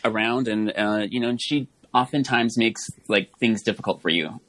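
A man guesting on a podcast in casual chat, talking quickly with lots of "you know" fillers. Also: on the low side, fairly bright tone.

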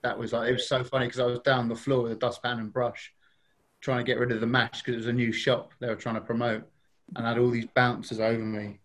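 A man's voice: medium pitch, flat delivery, fast talker, a bit bright. A man, a podcast guest telling funny anecdotes in a chatty way and laughing as he goes. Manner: chatty, laughing, acts out quoted voices.

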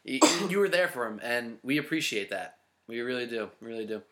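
A man's voice: mid-range voice, expressive, fairly quick, a bit bright. A man co-hosting a casual sports podcast, chatty and teasing, laughing often. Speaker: podcast co-host. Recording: roomy echo.

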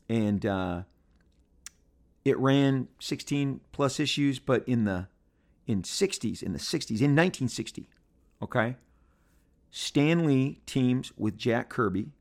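Gravelly man rambling about comics. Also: mid-range voice. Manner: playful, rambling with restarts. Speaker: comic book reviewer. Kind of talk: casual chat.

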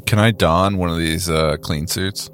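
A man's voice: low-pitched, fairly even intonation, unhurried, a bit bright, soft background music. A man playing a tabletop role-playing game, speaking hesitantly with many fillers. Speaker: player. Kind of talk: casual chat at a game table.

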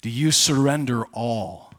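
A man voicing a patient, gentle adult teacher who asks slow, quiet questions during a sermon. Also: medium pitch, lightly acted. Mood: tender.

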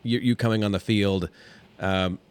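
A man co-hosting a podcast, slowly recalling a memory in casual chat. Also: lowish voice, steady tone, clean tone, dry recording. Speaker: podcast co-host.

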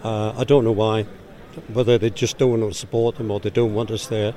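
A man's voice: fairly low pitch, flat delivery, fairly quick, dark tone. A Geordie man, director of a campaign group, answering interview questions in a matter-of-fact way and explaining with figures, recorded outdoors.

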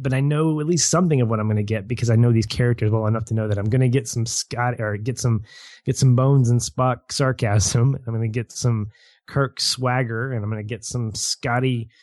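A man's voice: mid-range voice, brisk, darkish tone, no room sound. A man chatting as a guest on a film podcast, rambling with restarts and easy laughs. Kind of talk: casual film podcast chat.

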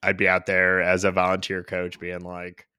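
A man's voice: sits low, monotone, moderate pace, sharp tone, clear, resonant tone, no room sound. A man in his thirties co-hosting a casual podcast, joking about himself in a dry, self-mocking way. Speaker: podcast co-host. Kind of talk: casual chat.

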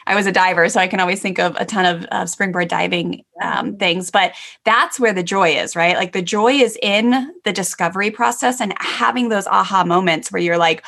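A woman's voice: mid-range voice, moderate pace, vocal fry, hardly any pauses, fairly bright tone. A woman hosting a parenting podcast, talking in an enthusiastic, conversational way with frequent "like" fillers. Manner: enthusiastic, filler-heavy, many restarts. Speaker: podcast host and parenting coach.

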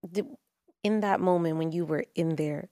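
A woman's voice: low-pitched, normal speed, warm tone, no echo, clean studio sound. A woman hosting a casual interview, mostly giving short affirming responses and follow-up questions. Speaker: podcast host.

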